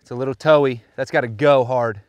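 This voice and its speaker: A young man joking and teasing his friend on a golf course, with loud celebrating shouts after good shots. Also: medium pitch, steady tone, a little fast, muffled recording, slight background noise. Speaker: golf video co-host. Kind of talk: casual banter on the golf course.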